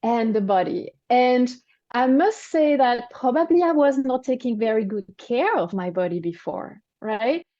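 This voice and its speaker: A woman in her forties with a French accent answers interview questions in English as a guest, reflecting and explaining, often adding "right?" and "you know." Her fairly high voice is mellow and soft-toned, animated yet a little slow. The recording is dry and slightly dull, with no room sound.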